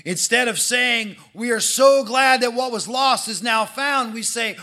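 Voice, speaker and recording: A man preaching a sermon to his church, acting out the people in the story and swinging between loud and hushed delivery. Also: very high-pitched, unhurried, few pauses. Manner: animated, acts out quoted voices, swings from loud to hushed. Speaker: pastor.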